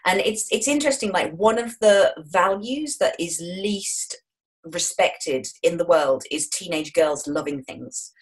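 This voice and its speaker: A woman in her forties, a guest in an interview, telling stories in a frank, jokey, lively way. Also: fairly low pitch, measured pace. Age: 40s. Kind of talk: interview chat.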